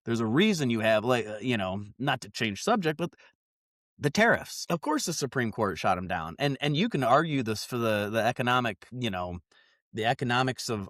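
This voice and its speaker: A man hosting a podcast, telling a story in a casual chat, animated and full of fillers and restarts. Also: mid-range voice, no room sound, studio quality. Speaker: podcast host.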